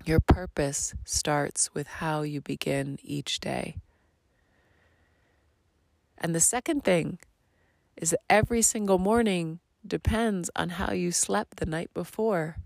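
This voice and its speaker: This podcast host is a woman whose voice is low, slow and gravelly, recorded with no room sound. Her reflective solo monologue is earnest and spiritual, with the occasional phrase dropped to a whisper.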